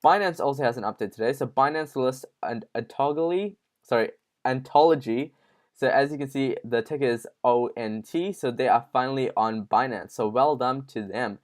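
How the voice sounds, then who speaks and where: A man's voice: medium pitch, moderate pace. A man hosts a casual online news show in a middle-range voice. He talks informally and chats straight to his viewers. His speech is loose and full of fillers. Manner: informal, addresses viewers as guys, many fillers. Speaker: crypto news host.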